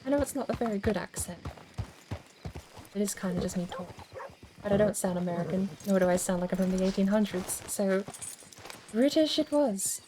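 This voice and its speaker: A woman's voice: medium pitch, a little fast, long pauses, dark tone, slight background noise. A woman streamer chatting casually as she plays, thinking aloud and over-enunciating every word. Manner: chatty, thinks aloud while fiddling with settings. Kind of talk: casual game-stream chat.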